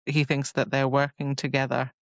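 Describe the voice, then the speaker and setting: A woman talks casually on a book podcast, her voice a bit dull and lo-fi with a dry, close sound. She chimes in with quick agreement, laughs, and retold scenes. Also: extremely low pitch, completely flat delivery, no echo. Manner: chatty, chiming in with agreement and laughs. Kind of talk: casual book discussion chat.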